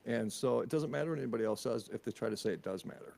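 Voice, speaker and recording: A man's voice: mid-range voice, very fast, vocal fry, darkish tone. A man hosting a podcast, wrapping up the show in a playful, rambling way with some swearing. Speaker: podcast host. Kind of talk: casual chat.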